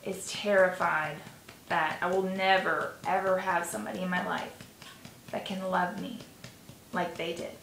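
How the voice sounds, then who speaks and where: A woman guiding a tapping session, coaching gently and sighing between slow repeat-after-me phrases. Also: fairly low pitch, level tone, vocal fry. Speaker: tapping guide. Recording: echoey room with faint noise.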